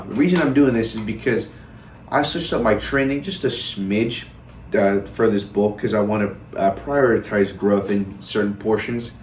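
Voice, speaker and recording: A young man with a somewhat low voice chats about his training in a loose, rambling vlog. He trips over his words and leans on fillers. The sound carries a noticeable room echo. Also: slight background noise. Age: young adult. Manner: chatty, rambling, with many fillers and restarts. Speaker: fitness vlogger. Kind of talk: casual fitness vlog.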